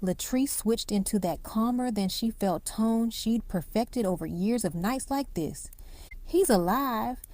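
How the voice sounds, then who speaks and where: A woman's voice: mid-range voice, a little slow, hardly any pauses, warm tone, no room sound. A woman narrating a hospital drama story, voicing each character's lines herself.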